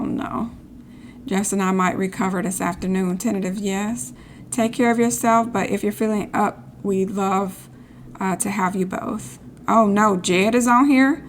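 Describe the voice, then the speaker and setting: Woman streamer, mid pitch, reads in-game text aloud with dry sarcastic asides. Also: slight background noise. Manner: sarcastic asides between read-outs. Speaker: gameplay streamer. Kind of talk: reading in-game posts aloud with commentary.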